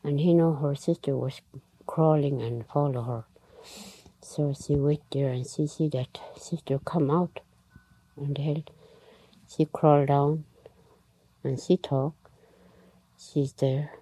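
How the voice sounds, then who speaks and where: Low, slow, husky woman telling an old tale. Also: steady tone, mellow, poor audio. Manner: halting, unhurried telling with many pauses and fillers, nonstandard grammar. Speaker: storyteller. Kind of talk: traditional oral storytelling.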